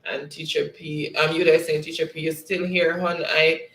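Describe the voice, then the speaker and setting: A man's voice: a little high, level tone, normal speed, fairly bright tone, reverberant, poor audio. A man hosting a casual livestream, reading viewers' comments aloud in a friendly way and laughing often. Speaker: livestream host.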